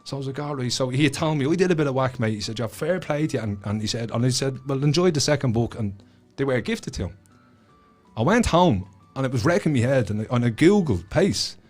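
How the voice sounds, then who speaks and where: A man's voice: medium pitch, lively intonation, fast talker, darkish tone, soft background music. A man with a Dublin Irish accent, a guest author telling a story with lots of swearing and acted-out voices. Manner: swears freely, acts out the voices in his stories. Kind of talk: animated storytelling.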